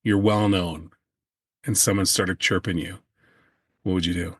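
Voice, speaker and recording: A man's voice: low-pitched, fairly even intonation, unhurried, breathy edge, no echo, studio quality. A man co-hosting a podcast, chatting casually and joking. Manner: joking, teasing. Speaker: podcast co-host. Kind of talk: casual chat.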